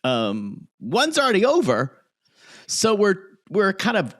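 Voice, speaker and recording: A sarcastic man in his forties trading jokes as a podcast co-host. His pitch swings wildly from low to high as he teases his friend. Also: huge pitch swings, slow pace, a bit bright. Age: 40s. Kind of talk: casual chat.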